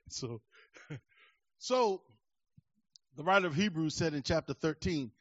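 High-voiced preacher with shouted peaks. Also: male voice, animated, takes it slowly, dry recording, lo-fi sound. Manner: swings from quiet asides to shouted emphasis, rhythmic preaching cadence; laughs between points, call-and-response asides. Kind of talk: sermon.

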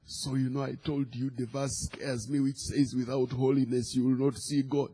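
A middle-aged man from Uganda with a Ugandan accent, preaching a sermon, swinging from soft asides to loud proclamations. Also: mid-range voice, a little slow, breathy edge. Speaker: pastor.

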